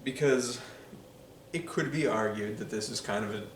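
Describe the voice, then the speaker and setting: A man's voice: on the low side, moderate pace, echoey room, far from the mic, a little hiss or hum. A man giving enthusiastic, casual movie commentary, full of ums and uhs. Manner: enthusiastic, filler-heavy with frequent ums and uhs. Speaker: film reviewer.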